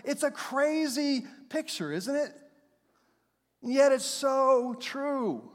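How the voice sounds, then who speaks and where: A man's voice: very high voice, expressive, slow pace. A middle-aged man preaching a sermon as pastor, talking conversationally, slipping into playful acted voices and laughing along with his points. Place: church sanctuary. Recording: long hall reverb.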